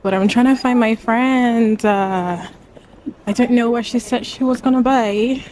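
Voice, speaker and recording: A woman chatting casually to the camera on a travel vlog, excited and laughing often. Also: a little high, a little slow, slight background noise. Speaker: travel vlogger. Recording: music playing over the voice.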